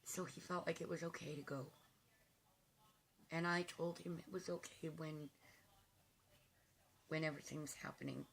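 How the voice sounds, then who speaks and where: A woman talking to her viewers in a casual vlog, emotional and halting, with frequent ums, tearful at times. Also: deep voice, fairly even intonation, gravelly, slight background noise. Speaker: vlogger.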